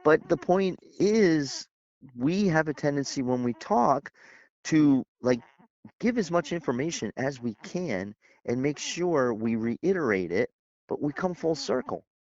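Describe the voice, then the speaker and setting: A man's voice: fairly high pitch, big pitch swings, a little slow, a little mellow, lo-fi sound. Chatty guy cohosting a laid back talk show, laughs a lot, voice bounces around. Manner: chatty, laughs often, wordy. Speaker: podcast co-host. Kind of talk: casual chat.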